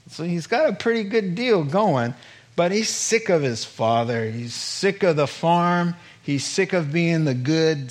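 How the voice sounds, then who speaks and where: Slow-preaching folksy pastor, a man. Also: a little high. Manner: folksy and animated, laughs as he preaches. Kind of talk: sermon.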